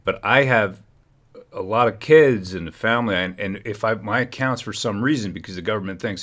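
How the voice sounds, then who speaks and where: A man's voice: on the low side, a little fast, fairly bright tone. A man hosting a live stream, commenting heatedly and often restarting his phrases. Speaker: livestream host.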